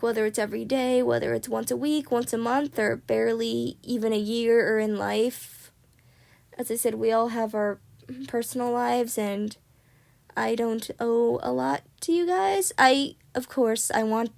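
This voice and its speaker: A young woman vlogging in a casual, rambling way, often repeating herself and filling pauses. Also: on the high side, vocal fry, darkish tone. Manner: rambling, filler-heavy, repeats "as I said". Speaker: YouTuber. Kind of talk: casual vlog talk.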